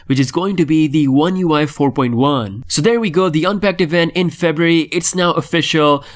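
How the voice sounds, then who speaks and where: A man hosting a tech news vlog, delivering scripted updates in an upbeat, enthusiastic way. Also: fairly high pitch. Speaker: tech channel host.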